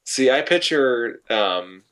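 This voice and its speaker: Easygoing co-host guy, dry and unhurried. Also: medium pitch, animated, a bit bright. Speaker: podcast co-host. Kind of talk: casual chat.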